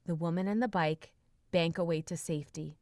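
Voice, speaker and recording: A woman reading a comedy story chapter aloud on a podcast, animated and quick to laugh, doing voices for the characters. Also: on the low side, no room sound, clean studio sound.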